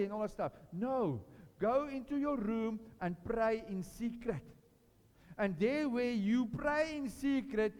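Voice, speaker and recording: A man preaching an informal sermon to a small home gathering, earnest and animated, often restarting his sentences and joking with the listeners. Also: very high-pitched. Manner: earnest, animated, with frequent restarts and jokes to the room. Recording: long hall reverb.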